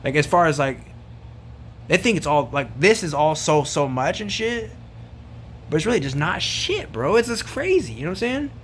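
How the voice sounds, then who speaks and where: A man's voice: fairly high pitch, very animated, moderate pace, fairly bright tone, slight background noise. A man ranting casually to camera, rambling and profane, full of slang and fillers. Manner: rambling, profane, slangy, says bro a lot. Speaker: vlogger.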